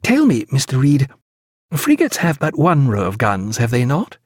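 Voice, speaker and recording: A wry ship's doctor speaks with mild, dry irony, as a man puts him on. His voice stays close to the reader's own with lively inflection. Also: medium pitch, normal speed, no room sound. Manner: wry, mildly ironic.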